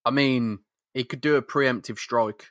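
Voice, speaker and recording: A man's voice: medium pitch, fairly even intonation, a little slow, fairly bright tone, no echo, studio quality. A man co-hosting a podcast, trading slangy, laughing banter about a comic. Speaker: podcast co-host. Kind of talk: casual comic chat.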